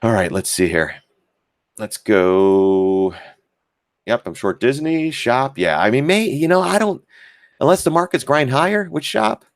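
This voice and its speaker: Blunt, low-voiced male trading streamer. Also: no echo, studio quality. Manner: blunt and profane, addresses viewers as guys; lively, mocks critics in put-on voices. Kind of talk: casual live-stream chart commentary.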